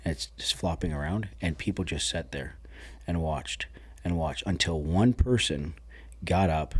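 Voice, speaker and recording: A man's voice: deep voice, measured pace, husky. A man talking as a podcast guest, candid and blunt, swearing freely and often restarting his sentences. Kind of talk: casual conversation.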